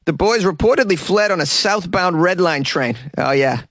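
A man's voice: sits high, expressive, normal speed, a bit bright, dry recording, clean studio sound, pitched above the performer's own voice. A man putting on a thick Boston accent to read the news as a brash local, mocking and full of "friggin'". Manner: exaggerated, cursing "friggin'", mocking.

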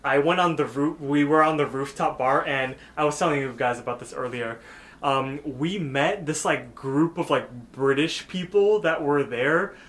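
A man's voice: fairly high pitch, normal speed, fairly bright tone. A young man co-hosting a podcast, casually recapping a cartoon episode and telling stories with lots of fillers. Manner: rambling storytelling with many fillers, acts out the characters' lines. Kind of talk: casual chat.

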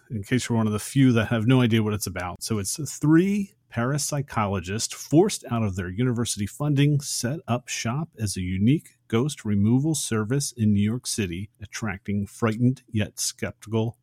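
A man's voice: mid-range voice, moderate pace, darkish tone, no room sound, clean studio sound. A man co-hosting a casual podcast, summarizing a film in a friendly way. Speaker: podcast co-host.

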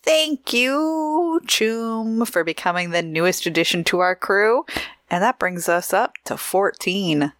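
A woman's voice: mid-range voice, expressive, slow pace, fairly bright tone, no echo, studio quality. A woman from Oregon co-hosting a podcast in casual, chatty talk, laughing often. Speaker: podcast co-host.

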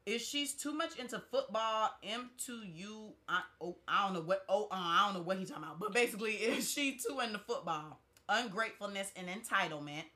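A woman's voice: medium pitch, lively intonation, brisk, hardly any pauses, bright, forceful tone. A woman co-hosting a podcast, reading out replies with sassy asides. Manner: reads list aloud with sassy asides. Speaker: podcast co-host. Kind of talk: casual chat.

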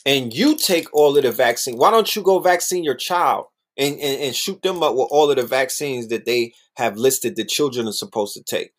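In a voice on the higher side, he keeps up an easygoing, spirited solo ramble heavy on slang and recurring phrases, at times parodying how others sound.

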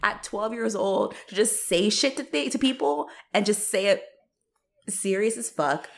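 A woman co-hosting a podcast, telling stories in a laughing, animated way and swearing casually. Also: medium pitch, measured pace. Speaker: podcast co-host.

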